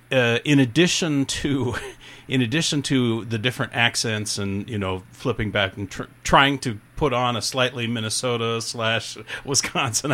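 A man's voice: mid-range voice, pushed and bright. A man, a stage actor, chatting in an interview and laughing between phrases. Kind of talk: interview chat.

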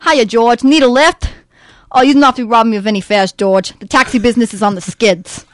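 A woman's voice: a little high, slight background noise, close to an everyday voice. A woman doing a brash New York cabbie. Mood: cheery. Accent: New York, put on. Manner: brash, fast-talking. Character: friendly, chatty male New York taxi driver. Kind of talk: radio play acting.

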